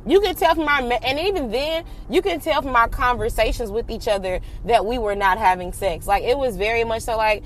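A young adult woman telling a personal story in casual, slangy talk, animated and swearing freely. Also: on the high side, normal speed, slight background noise.

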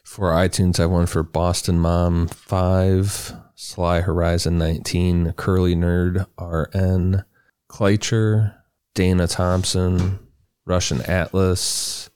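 A man with a very deep, smooth voice reads a list of names slowly and flatly. The sound is dry and close, with no room around it. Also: no room sound. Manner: even, unhurried, few words. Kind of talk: reading out review names.

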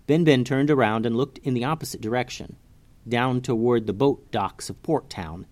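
A man reading a children's adventure story aloud with expressive narration. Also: medium pitch, moderate pace.

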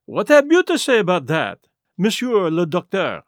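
A man putting on a fussy, vain Belgian detective for an audiobook, speaking in measured, slow, precise phrases with a pitch that sits above an ordinary man's. Complaining and particular, he weighs every word, and the lively melody dips and climbs. The recording is close and dry. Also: no echo. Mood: probing.

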